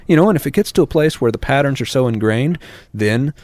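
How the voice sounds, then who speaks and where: A man's voice: medium pitch, animated, fast, darkish tone, dry recording. An American man, a parenting author, answering a radio interviewer in an earnest way that builds to emphatic peaks.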